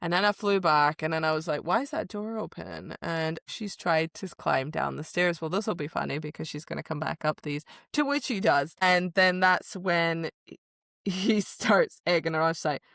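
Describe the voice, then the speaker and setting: A woman with a fairly low voice chats casually on a book podcast, recorded close and dry with no room sound. She retells scenes with animation, slips into quoted lines and laughs often. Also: moderate pace, creaky, a bit bright, no room sound. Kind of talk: casual book discussion chat.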